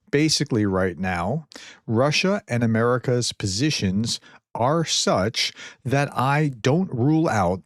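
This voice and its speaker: A man's voice: medium pitch, no echo. Man, middle voice, earnest commentator, dead-dry room sound. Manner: earnest, paraphrases quotes in a flat reading voice. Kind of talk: casual commentary on translated clips.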